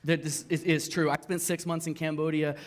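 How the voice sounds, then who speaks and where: A man preaching from a church stage, telling stories with playful, self-mocking humor. His voice sits a little above the usual male range, and his delivery stays animated and conversational. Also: on the high side, fairly quick. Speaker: pastor. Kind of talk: sermon. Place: church stage before a congregation.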